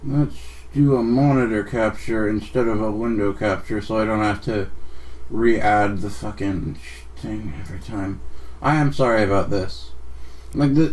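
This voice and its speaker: A young man streaming a video game live, flustered and apologetic, swearing at technical trouble and joking at his own expense. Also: on the low side. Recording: distant mic with faint music.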